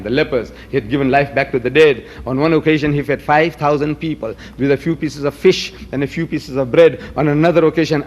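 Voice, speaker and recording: A man from Africa, giving a combative, rhetorical public lecture and mimicking his opponents. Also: on the high side. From South Africa. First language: Gujarati.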